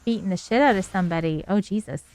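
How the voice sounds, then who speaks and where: A woman chatting casually on a live stream, laughing often and cooing at her cats in a high sing-song voice. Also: fast, a little mellow, faint music behind. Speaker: livestreamer.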